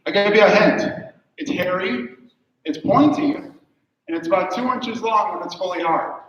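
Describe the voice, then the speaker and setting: A man's voice: high-pitched, moderate pace, fairly bright tone. A young man doing stand-up comedy, chatty and teasing the audience with questions. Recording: muffled echoey room from far off.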